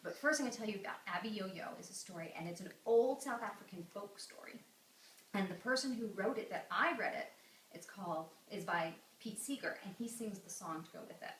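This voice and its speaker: A woman telling a folk tale to children at home, speaking in an animated way and talking straight to a child. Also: medium pitch, brisk, a little hiss or hum. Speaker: storyteller. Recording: echoey room, mic far off.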